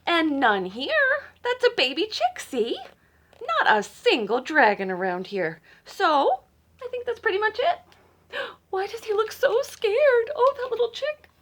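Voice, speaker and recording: A woman librarian reading a picture book aloud to children, playful and teasing, with dramatic gasps and hushed asides. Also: extremely high pitch, sing-song, measured pace.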